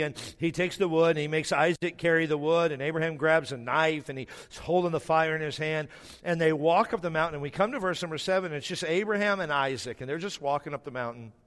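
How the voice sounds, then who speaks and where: A man's voice: a little high, brisk, a bit bright, big-room sound. A man preaching a sermon, telling a personal story with self-mocking humor and emotion. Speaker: pastor.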